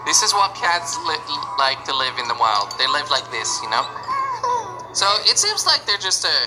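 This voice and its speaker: A woman narrates along with an animated short, gasping and exclaiming as she goes. Her voice sits low but leaps far up and down. Loud music from the clip plays beneath her. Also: normal speed. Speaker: reaction video host.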